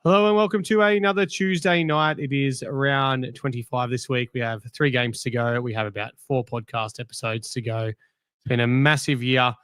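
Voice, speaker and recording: Australian male host, mid pitch, ribbing his mates, dry close-mic sound. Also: fairly even intonation, normal speed, fairly bright tone, clear, resonant tone, dry recording. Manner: teasing, joking with panel. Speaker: podcast host. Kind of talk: casual live-stream chat.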